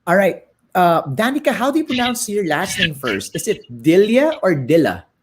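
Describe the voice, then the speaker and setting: A man's voice: sits high, big pitch swings, fairly quick, a little hiss or hum. A man with a Filipino accent hosting a casual livestream interview, upbeat and chatty, switching between English and Tagalog. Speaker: livestream host. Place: home in San Francisco, early morning.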